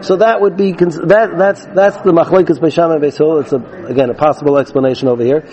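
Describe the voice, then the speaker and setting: A man's voice: fairly high pitch, fairly even intonation, fast, a little mellow, low-quality recording. A man teaching a Talmud class, reading out Aramaic lines and then explaining them in English.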